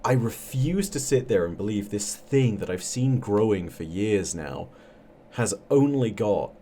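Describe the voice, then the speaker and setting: A man being interviewed as a guest on a podcast. He talks reflectively about how he came to storytelling, with a measured delivery and many fillers. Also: on the low side, lively intonation, warm tone, a little hiss or hum.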